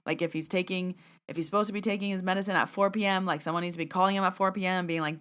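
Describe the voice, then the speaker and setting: A woman's voice: on the low side, steady tone, racing, fairly bright tone, clean tone. A woman podcast host who works as a medium tells a story in a casual, chatty way, filling her talk with "like" and acting out her own thoughts. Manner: chatty, frequent "like" fillers, acts out her inner thoughts.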